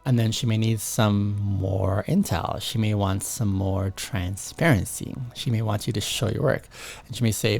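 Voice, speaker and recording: Man, low gravelly voice, earnest advice talk, faint music behind. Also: steady tone, normal speed, darkish tone, no echo. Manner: earnest, acts out little dialogues. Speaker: host. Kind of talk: motivational talk to men.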